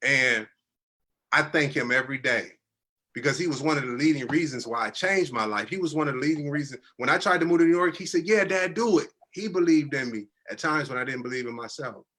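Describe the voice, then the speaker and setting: Man, 30s, bright voice, earnest storyteller, teary-eyed, casual and heartfelt. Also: mid-range voice, brisk. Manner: earnest, conversational, drops into quoted voices. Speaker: guest telling his life story. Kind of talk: emotional personal storytelling.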